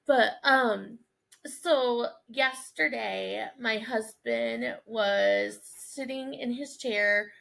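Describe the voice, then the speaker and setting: A woman's voice: fairly high pitch, drawn-out words, vocal fry, fairly bright tone. A young woman hosting a casual podcast, telling stories with lots of laughter and swearing freely. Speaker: podcast host.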